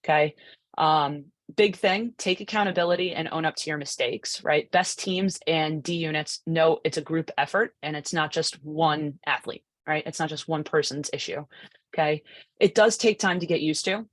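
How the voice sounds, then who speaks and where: A woman's voice: sits low, normal speed, dry recording. A woman coach giving a conversational presentation, chatty, full of asides and rhetorical "right?" tags. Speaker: lacrosse goalie coach presenting.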